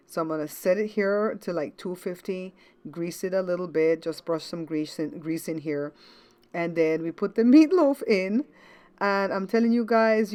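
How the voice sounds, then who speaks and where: A woman's voice: lowish voice, a little mellow. A woman hosting a home cooking show in casual chat, chatty and repetitive, talking to viewers as guys. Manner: chatty, repeats words, addresses viewers as guys.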